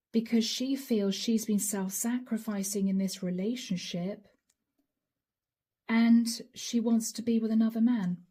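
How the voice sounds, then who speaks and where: Acting out imagined conversations and repeating lines for emphasis, a tarot reader delivers a dramatic channeled reading. She has a mellow, medium-pitched voice.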